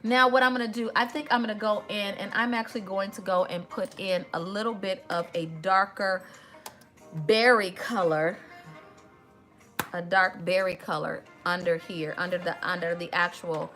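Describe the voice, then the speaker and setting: A woman's voice: medium pitch, fairly even intonation, normal speed, fairly bright tone, faint music behind. A woman hosts a casual makeup tutorial, chatty and emotional, talking straight to her viewers. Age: 50s.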